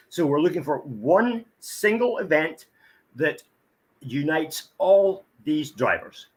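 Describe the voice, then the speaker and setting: A man's voice: fairly high pitch, fairly bright tone. A man co-hosting a casual chat, rambling and repeating himself as he runs a quiz. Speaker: co-host.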